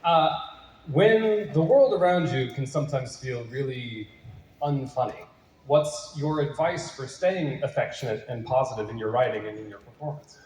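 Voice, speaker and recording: A man's voice: mid-range voice, moderate pace, darkish tone, slight background noise. A man in the audience earnestly asking a question at a convention panel. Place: large convention hall. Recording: echoey hall, phone filmed from the audience.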